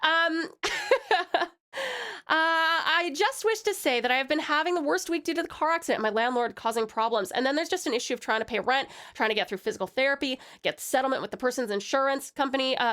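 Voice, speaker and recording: A woman's voice: high-pitched, fairly quick, a bit bright. A young woman with an American accent streaming live, chatting with viewers in a bubbly, affectionate, giggly way and calling them pet names, from a home desk mic. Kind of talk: casual live-stream chat.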